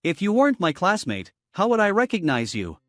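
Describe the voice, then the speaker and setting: A man's voice: high-pitched, huge pitch swings, a little fast, a bit bright, dry recording, studio quality, pitched above the performer's own voice, heavily acted. A man voicing a chatty, eager young man meeting an old classmate in a story recap.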